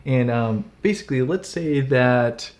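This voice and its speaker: A man co-hosts a casual coaching chat at an ordinary middle pitch. He sounds encouraging and conversational and gets animated at times. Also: measured pace. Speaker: co-host, business coach.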